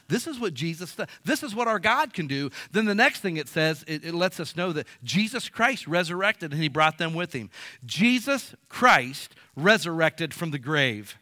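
A pastor preaching a sermon, swinging between quiet stretches and loud emphatic peaks. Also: male voice, on the high side, dry recording, studio quality.

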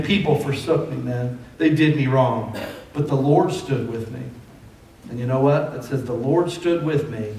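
A man's voice: medium pitch, a little mellow, a little hiss or hum. A male pastor preaching a sermon in a conversational way that rises to emphatic calls. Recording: echoey hall from far off.

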